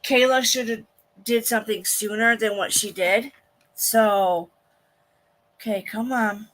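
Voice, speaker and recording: Slow-talking indignant woman streamer. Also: a little high, steady tone, a bit bright. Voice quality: blunt and profane, with frequent swearing. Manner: indignant, venting to her chat. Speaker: livestream host. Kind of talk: casual livestream reaction to a court broadcast.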